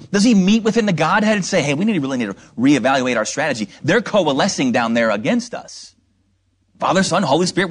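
A man's voice: mid-range voice, slightly rough. A man preaching an expository sermon, explaining scripture verse by verse with rhetorical questions and mocking asides.

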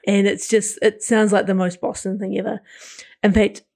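A man's voice: high-pitched, flat delivery, normal speed, gravelly, a little mellow. A man co-hosting a podcast, chatting casually about a film in a rambling way with lots of fillers. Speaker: podcast co-host.

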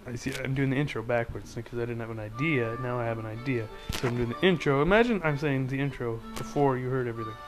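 A man's voice: medium pitch, fast talker, hardly any pauses, music in the background, rough recording. A man hosting a casual podcast, ranting sarcastically about news headlines with a rambling, filler-heavy delivery. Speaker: podcast host.

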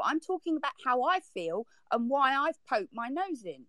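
A woman argues hotly in an online voice chat. Her voice is slightly high and swings widely in pitch, jumping upward whenever she feels accused. The sound is dry, with no room around it. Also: very animated, normal speed, pushed and bright, dry recording. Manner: exasperated, defensive, pitch jumping up when upset. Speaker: participant in a social audio chat. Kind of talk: heated argument.

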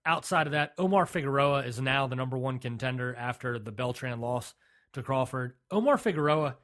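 A man's voice: mid-range voice, expressive, a little fast, fairly bright tone. A man co-hosting a sports podcast in casual chat, blunt and opinionated, often restarting his sentences. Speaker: podcast co-host.

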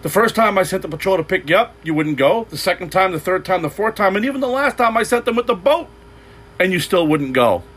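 A man's voice: high-pitched, lively intonation, quick pace, pitched above the performer's own voice. A preacher voicing God as a confused, patiently explaining figure in a retold parable, lifting his voice well above his own. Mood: puzzled. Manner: puzzled, gently explaining. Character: confused, patient God speaking to a dead couple.

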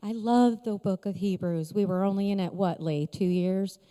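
This conference speaker, a middle-aged woman, has a warm, mid-range voice and keeps a moderate pace. She shares an emotional personal testimony as a story, breaking into laughter often. The recording carries the long reverb of a large conference hall.

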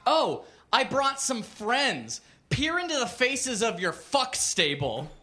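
A man putting on the low, taunting voice of a vengeful woman in a comedic story reading. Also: big pitch swings, slow pace, pushed and bright, heavily acted. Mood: gloating. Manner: low, cold, taunting delivery. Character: vengeful menacing woman, calm and cold. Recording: noisy live club recording.

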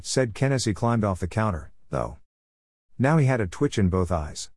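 Low-voiced man reading a story. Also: lively intonation, normal speed, a little mellow, no echo, studio quality. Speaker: narrator.

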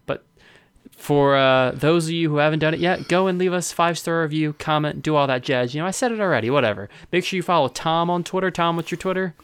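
A man co-hosting a podcast, bantering in a casual, teasing and animated way. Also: on the high side, clear, resonant tone. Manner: animated, teasing, quick to joke. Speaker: podcast co-host.

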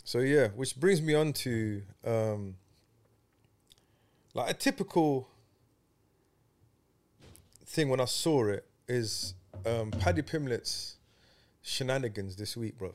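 A man hosting a casual podcast chat, animated and slangy, getting loud when excited. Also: mid-range voice, slow pace, pauses often. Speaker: podcast host.

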